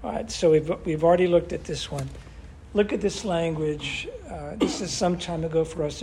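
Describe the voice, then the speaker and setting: A man's voice: fairly high pitch, measured pace, darkish tone, slight background noise. An older man teaching a Bible study in an earnest, emphatic way, often asking his class questions.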